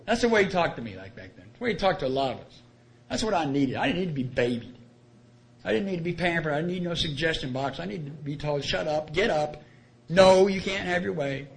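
A man's voice: a little high, big pitch swings, fast. Earnest plain-spoken man sharing testimony. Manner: earnest, colloquial, repeats key phrases. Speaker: speaker sharing his story at a recovery meeting.

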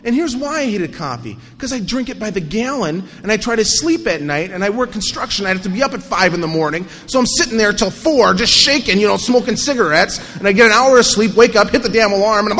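Man, high voice, recovery meeting speaker, animated self-mocking storytelling, long hall reverb. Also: fast, hardly any pauses. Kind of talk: personal recovery story told to an audience.

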